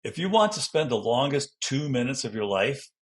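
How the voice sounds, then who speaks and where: A middle-aged man, an educational consultant, answering interview questions in an animated way and acting out classroom examples. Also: medium pitch, moderate pace. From Denver, Colorado.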